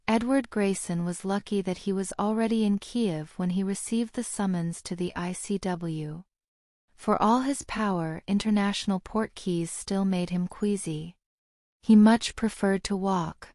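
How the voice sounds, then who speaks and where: A woman narrating an audiobook in an even, measured way. Her voice is warm and mellow, and the recording is close and dry. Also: mid-range voice, no room sound. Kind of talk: scripted narration.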